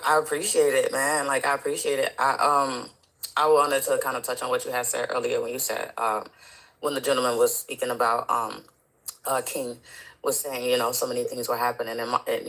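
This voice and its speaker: A man's voice: medium pitch, sharp tone, poor audio. A man joining a live-stream chat as a guest, talking reflectively and rambling with plenty of fillers.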